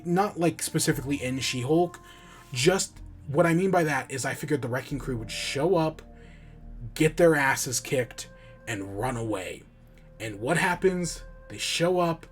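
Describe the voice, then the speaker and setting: A man hosting a podcast in casual chat, rambling with restarts and casual swearing. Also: medium pitch. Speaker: podcast host.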